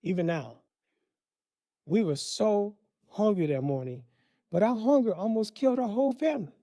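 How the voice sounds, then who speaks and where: A man with a high voice tells a personal story with vivid, dramatic pacing. He is recorded close in a dry room with no echo. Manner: animated, vivid, dramatic pauses.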